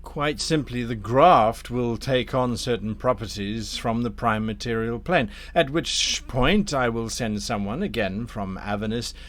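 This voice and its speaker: Man doing a silky scheming devil dealmaker. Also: medium pitch. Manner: polite, silky, persuasive.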